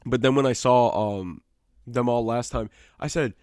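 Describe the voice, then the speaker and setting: A man's voice: medium pitch, measured pace, a little mellow, clear, resonant tone, dry recording, studio quality. Man co-hosting a sweary chatty podcast. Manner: swears a lot, rambling storytelling. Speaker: podcast co-host. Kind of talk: casual podcast chat. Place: small studio. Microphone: studio mic.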